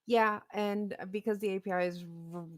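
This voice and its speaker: A woman running a tabletop game as game master, amused and quick to laugh at the dice. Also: mid-range voice, fairly even intonation, no echo, clean studio sound.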